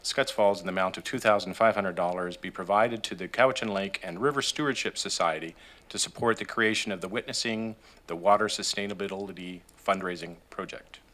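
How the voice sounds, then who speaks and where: A man with a Canadian accent reading out motions at a public committee meeting, steady and formal with occasional fillers. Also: deep voice, brisk. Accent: Canadian English. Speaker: staff member presenting agenda items. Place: council chamber.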